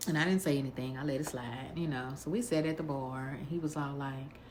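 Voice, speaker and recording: A woman vlogger telling a dating story casually, in a sassy, blunt, animated way. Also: sits low, quick pace, few pauses, a little hiss or hum.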